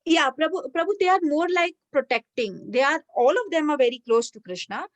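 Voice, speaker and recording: A woman's voice: sits high, a little fast, no echo. Woman telling a devotional story. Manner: conversational, lively retelling with fillers.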